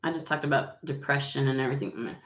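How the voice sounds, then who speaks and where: A woman's voice: extremely low pitch, fast, a little hiss or hum. A woman reading tarot cards in casual chat, rambling with many fillers and some swearing, still sniffly as she gets her voice back. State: recovering voice, sniffly. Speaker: tarot reader. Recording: roomy, dull lo-fi sound.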